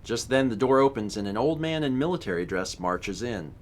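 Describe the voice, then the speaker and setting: A man's voice: mid-range voice, lively intonation, fairly quick, few pauses. A man streaming a narrative game, reading narration and joking casually.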